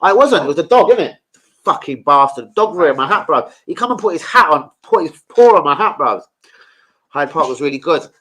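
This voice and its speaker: A middle-aged man, hosting a casual football fan livestream and bantering with viewers in a sweary, animated way. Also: a little high, a little fast, poor audio. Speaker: football fan channel host.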